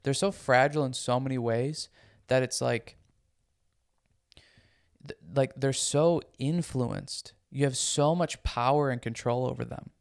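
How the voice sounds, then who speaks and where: A man's voice: mid-range voice, steady tone, measured pace, gravelly. A man co-hosting a casual podcast, talking earnestly and emphatically, often repeating himself to stress a point. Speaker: podcast co-host. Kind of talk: casual conversational podcast chat.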